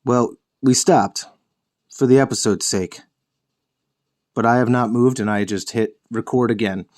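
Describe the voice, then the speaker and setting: A young man talks casually while painting miniatures, rambling and correcting himself as he goes. He jokes around and curses now and then. His voice sits at an ordinary middle pitch. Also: fairly even intonation, unhurried, a little mellow. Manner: rambling, self-correcting, jokey with swearing. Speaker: host of a miniature painting show.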